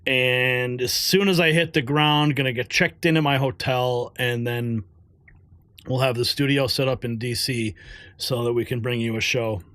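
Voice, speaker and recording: A man's voice: mid-range voice, fairly even intonation, moderate pace, a bit bright, dry recording. A man hosting a political news show, talking casually and joking between segments. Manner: joking, chatty asides.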